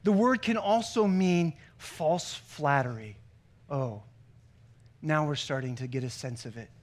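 A man with a high voice preaching a sermon. He talks conversationally, slipping in jokes and stories between his points. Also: measured pace. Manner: conversational preaching with joke-telling asides. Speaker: pastor.

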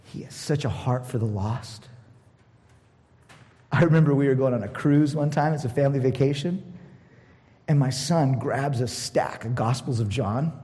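A middle-aged man preaching a personal sermon as a pastor, expressive and laughing, moving between loud bursts and hushed asides. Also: medium pitch. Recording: long hall reverb.

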